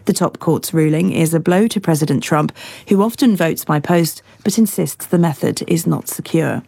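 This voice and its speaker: A woman reading a radio news bulletin in a crisp, steady way. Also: sits low, normal speed, dry recording. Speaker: newsreader.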